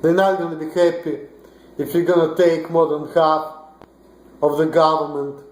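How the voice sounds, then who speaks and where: A man's voice: on the high side, level tone, moderate pace, darkish tone, a little hiss or hum. Blunt Russian man ranting in an echoey room. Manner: blunt, profane, rambling with restarts. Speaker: vlogger. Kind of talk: ranting monologue to camera. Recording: roomy echo.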